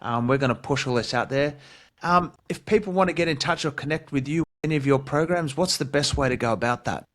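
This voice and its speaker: A man's voice: fairly high pitch, a little fast. Effusive Australian man hosting a podcast. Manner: warm, effusive, calls guest mate. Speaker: podcast host. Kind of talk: casual interview chat.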